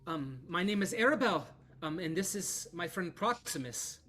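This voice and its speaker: A man's voice: high voice, lively intonation, normal speed, sharp tone, voice pushed up, full character voice. A man voicing a cheerful, chatty young Vistani woman who works as a seer. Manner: chatty, upbeat.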